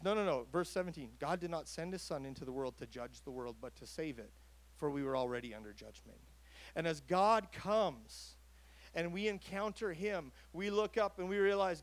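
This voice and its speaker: A man's voice: fairly high pitch, no room sound. A man preaching a sermon as a pastor, talking in a conversational way that rises to emphatic calls.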